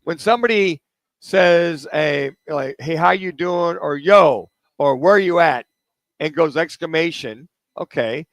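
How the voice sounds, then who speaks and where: A man's voice: on the high side, measured pace, dry recording, rough recording. A man hosting a sports radio show from a remote broadcast, chatting and tossing rambling questions to his co-hosts. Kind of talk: casual radio chat. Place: remote broadcast at a car dealership.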